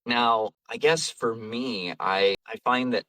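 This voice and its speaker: A man's voice: mid-range voice, takes it slowly, fairly bright tone, dry recording, far from the mic, poor audio. A man, an audiobook narrator and voice actor, chatting casually in an interview, rambling and self-deprecating, laughing often. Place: home vocal booth.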